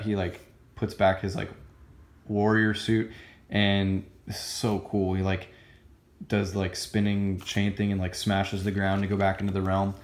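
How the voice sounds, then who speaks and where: Reverberant audio carries a lowish male voice gushing excitedly about a comic book. His casual review rambles, full of fillers and restarts.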